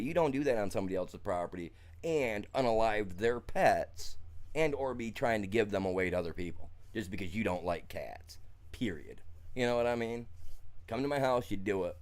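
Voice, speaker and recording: A man streaming a game, telling a heated story in a blunt, colloquial way, full of restarts and fillers. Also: lowish voice. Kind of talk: casual chat while streaming a game.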